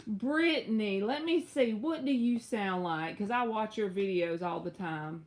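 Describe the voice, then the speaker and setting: A young woman with a Southern US accent reads tarot on a casual live stream. She chats with viewers, drawls and stretches out her words, and jumps suddenly high. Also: a little slow, hardly any pauses. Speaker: tarot reader.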